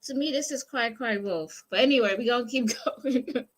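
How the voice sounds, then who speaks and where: A woman's voice: fairly high pitch, moderate pace. A woman reacting to a story with incredulous, emphatic commentary.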